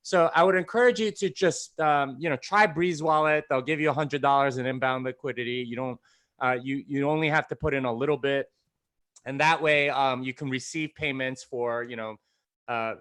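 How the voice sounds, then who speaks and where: A man's voice: mid-range voice, a bit bright, no echo. A man appearing as a podcast guest, explaining things in a loose, casual way with many fillers. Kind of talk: casual chat.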